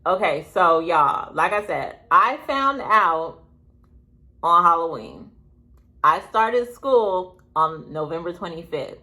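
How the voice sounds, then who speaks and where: A young woman telling a story to her viewers in a casual vlog, rambling and chatty with quick asides. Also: on the low side, expressive, pushed and bright. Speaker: vlogger. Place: indoors, sitting at home.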